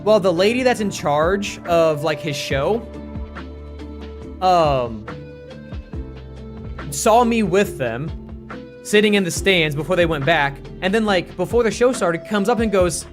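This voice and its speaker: An American streamer chatting on a live stream, telling a story in a loose, animated way. The speaker keeps restarting sentences and filling gaps with "like". Faint music plays underneath the mid-pitched voice. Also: measured pace, long pauses. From United States. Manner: animated, rambling, with restarts and "like" fillers. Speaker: streamer and teacher.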